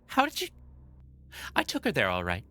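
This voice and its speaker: A woman's voice: moderate pace, full character voice. Lady reading as a stubborn village mom, defensive and huffy, voice jumps all over. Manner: indignant, self-justifying, lively pitch. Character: defensive stubborn village mother, middle-aged woman. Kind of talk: reading game dialogue aloud.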